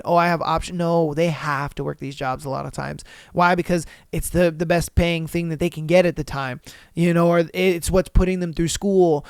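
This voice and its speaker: A young man with a high, smooth, clear voice hosts a solo podcast. He reacts in loose, slangy, profane talk and circles back to repeat his points with emphasis. The sound is dry and close, with no room around it. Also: no room sound. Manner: blunt, slangy and profane, often repeats himself; worked up and emphatic when ranting. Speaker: podcast host. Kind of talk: casual reaction commentary on reader stories.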